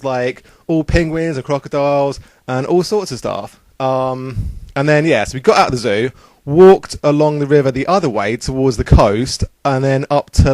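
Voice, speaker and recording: A man's voice: mid-range voice, darkish tone, no echo. A young man casually recounting a trip in a rambling, upbeat way, full of fillers. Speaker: vlogger. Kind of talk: casual travel vlog.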